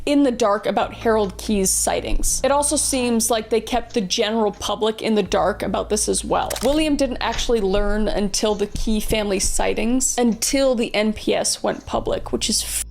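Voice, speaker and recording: A woman's voice: medium pitch, normal speed, gravelly, hardly any pauses, a little hiss or hum. A woman hosting a podcast, telling a mystery case in a casual way with blunt, sweary asides. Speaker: podcast host.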